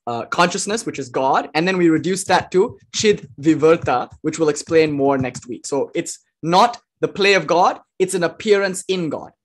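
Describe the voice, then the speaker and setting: A lecturer giving an informal philosophy talk, explaining ideas step by step with fillers and light laughter. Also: mid-range voice.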